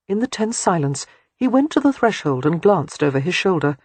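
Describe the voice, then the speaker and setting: A woman narrating an audiobook in a measured, expressive reading. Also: deep voice, breathy edge, no echo. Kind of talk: scripted narration.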